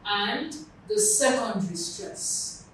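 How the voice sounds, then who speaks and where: A woman from Nigeria teaching an exam lesson in a slow, deliberate way, repeating and spelling out words at a board in a classroom. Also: medium pitch, expressive. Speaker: exam tutor. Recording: echoey room from far off with faint noise.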